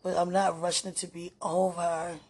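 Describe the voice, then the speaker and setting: Husky emotional woman praying aloud. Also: lowish voice, little pitch movement, moderate pace. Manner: emotional and prayerful, trailing into hushed murmurs; repeats phrases, many fillers. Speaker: podcaster. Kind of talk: emotional spiritual monologue.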